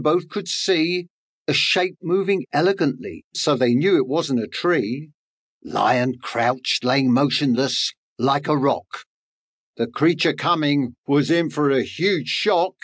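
A man reads rhyming children's fables in a sing-song storytelling voice that rises and dips lively across each line. He takes his time, slightly higher-pitched than most men, and the recording is close and dry. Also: slightly rough, dry recording. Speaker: audiobook narrator and author.

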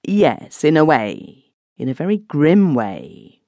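A woman voicing a thoughtful man who tells a grim tale in a measured, sober way. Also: low voice, sing-song, warm tone, no echo, highs cut off, heavily acted. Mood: musing.

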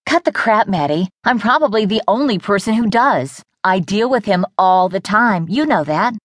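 A woman's voice: mid-range voice, animated, normal speed, dry recording, studio quality, natural voice. A woman narrator voicing a young woman, a blunt, patronizing best friend, in an audiobook. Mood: dismissive. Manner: dismissive, patronizing. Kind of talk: audiobook character voice.

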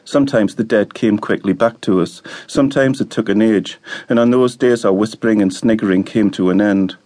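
Calm, low-voiced male audiobook narrator. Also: brisk.

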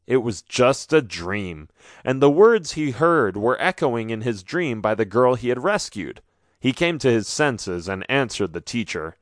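A man narrating a children's storybook in an expressive, animated way on a studio microphone. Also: lowish voice, moderate pace, dry recording. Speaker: audiobook narrator.

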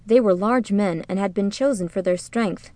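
A woman narrating an audiobook in a measured, even storytelling manner, recorded close to the mic. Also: medium pitch, no room sound. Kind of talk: scripted narration.

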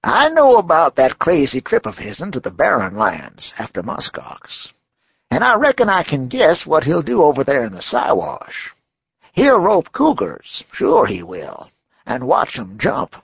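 A man doing a gravelly, blunt old plains veteran. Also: a little high, wildly swooping pitch, measured pace, no room sound, muffled recording, pitched above the performer's own voice, heavily acted. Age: older. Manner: folksy frontier dialect, blunt.

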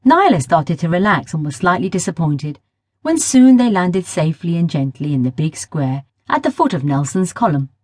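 In an expressive storytelling style, a woman narrates a children's audiobook. Her voice sits on the low side, moves at normal speed, and carries no echo.

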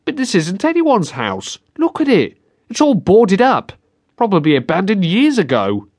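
A brash young boy argues back with a whiny, defiant push, as a male narrator plays him. His voice rides high and loud. Close, dry studio sound. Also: wildly swooping pitch, unhurried, no echo, exaggerated voice.

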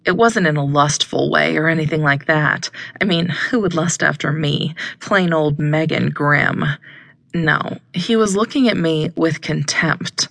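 A woman narrating a first-person audiobook in a measured, even storytelling way. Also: low voice, no room sound.

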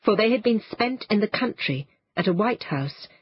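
A woman narrating a children's storybook in an expressive, animated way. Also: medium pitch, moderate pace, highs cut off, a little hiss or hum. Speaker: audiobook narrator.

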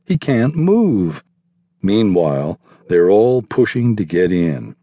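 A man narrating a literary novel in a measured, unhurried reading. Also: fairly low pitch, big pitch swings, husky, dry recording, dull audio. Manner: measured literary reading, voicing characters lightly. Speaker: audiobook narrator. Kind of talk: scripted narration.

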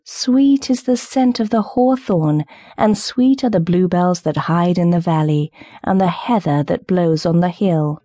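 Brief: woman voicing a small pleading nightingale, high and earnest, mellow tone, dry audiobook sound. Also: measured pace, no echo. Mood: wistful. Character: small brave female nightingale, longing and pleading. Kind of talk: audiobook character reading.

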